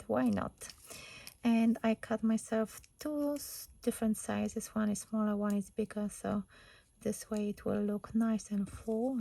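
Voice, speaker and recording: A woman hosting a casual craft tutorial at her desk, thinking aloud and hesitating over choices, her voice slightly hoarse. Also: fairly high pitch, dark tone, rough recording.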